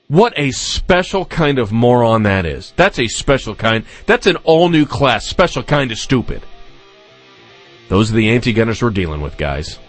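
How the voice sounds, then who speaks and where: Brief: male talk radio host, sarcastic and indignant, lively swooping pitch, dry close sound. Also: moderate pace, no echo, soft background music. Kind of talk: opinionated talk radio commentary.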